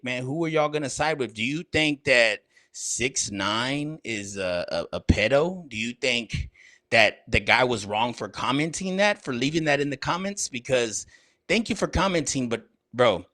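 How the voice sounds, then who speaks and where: A man's voice: mid-range voice, sharp tone, no room sound. A man hosting a casual livestream, chatting in slang straight to his viewers and a little out of breath. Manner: slangy, repetitive, talks straight to chat. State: slightly out of breath. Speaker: livestream host.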